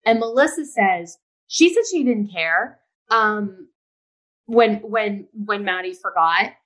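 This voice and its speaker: A woman's voice: mid-range voice, lively intonation, slow, fairly bright tone. A middle-aged woman co-hosting a podcast, emphatic and opinionated, cutting in to make her point in casual chat. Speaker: podcast co-host.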